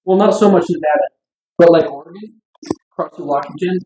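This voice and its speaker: A man's voice: on the high side, fairly quick, warm tone, muffled recording, slight background noise. A young man telling stories in casual chat, swearing and laughing as he goes. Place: small echoey room.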